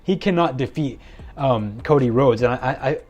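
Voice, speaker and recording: A man's voice: mid-range voice, moderate pace, a little mellow, lo-fi sound. A man giving a loose, rambling solo recap of a wrestling episode from his notes, with many fillers and self-corrections. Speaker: wrestling show reviewer.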